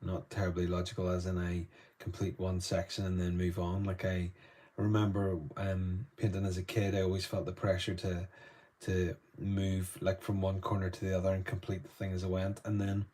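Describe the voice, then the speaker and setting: A man's voice: low-pitched, completely flat delivery, normal speed, mellow. A Northern Irish man chatting loosely through a live painting lesson, greeting viewers between strokes. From Northern Ireland. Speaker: art tutor.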